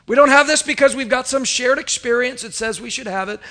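A man's voice: very high voice, brisk, bright, forceful tone. A man preaching a sermon to a congregation, telling a story and asking them questions. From United States. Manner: preacherly, rising and falling, asks the congregation questions. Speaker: pastor.

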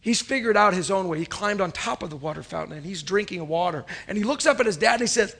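Preaching a sermon, a pastor in his thirties speaks in a voice noticeably high for a man, fast and with vocal fry. His storytelling is animated and conversational, sprinkled with asides along the way.

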